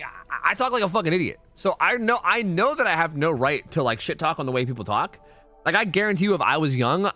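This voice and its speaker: A man's voice: fairly high pitch, bright, forceful tone. A man streaming a game, chatting casually with viewers, rambling and swearing, saying dude a lot. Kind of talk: casual chat with chat while gaming.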